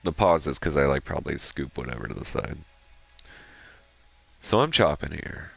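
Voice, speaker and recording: Rambling gamer guy with an extremely low, gravelly voice, swears a lot, casual stream talk. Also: lively intonation, normal speed, no room sound. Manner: rambling, swears freely, self-reflective. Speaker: gaming streamer. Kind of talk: casual chat while playing.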